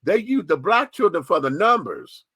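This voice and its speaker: A man's voice: sits high, very animated, moderate pace, fairly bright tone, husky, no echo. A man hosting a radio show, speaking in impassioned, profane, sassy commentary.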